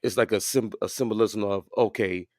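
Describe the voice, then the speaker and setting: A man co-hosts a podcast, chatting casually about sports in a lowish voice at a moderate pace and rambling with lots of fillers and restarts. The recording is dry, with clean studio sound.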